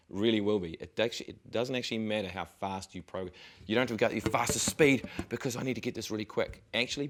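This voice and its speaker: A man teaching a guitar lesson, patiently counting strokes step by step and encouraging the viewer. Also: deep voice. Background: guitar playing.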